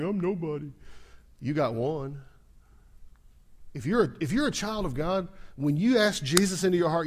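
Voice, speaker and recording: A man preaching a sermon as pastor, working the congregation with repeated call-and-response lines and swinging from soft asides to loud, rising exclamations. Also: a little high.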